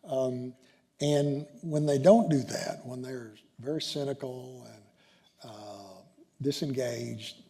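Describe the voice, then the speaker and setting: A man, a senior judge, answering questions on stage at a dinner, talking in a halting way with many ums and restarts. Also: mid-range voice, vocal fry, mellow. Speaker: chief justice being interviewed. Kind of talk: onstage conversation at a dinner event. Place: hotel banquet room.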